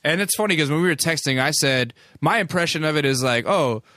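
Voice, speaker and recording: A man's voice: a little high, lively intonation, fast talker, fairly bright tone, no room sound, clean studio sound. A man hosting a casual interview, chatty and opinionated, swearing freely as he talks. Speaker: interviewer, host.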